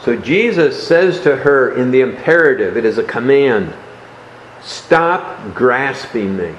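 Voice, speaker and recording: A man preaching a sermon, explaining a Bible passage in a measured way and dropping his voice softly on key words. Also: medium pitch, expressive, reverberant, slight background noise, low-quality recording.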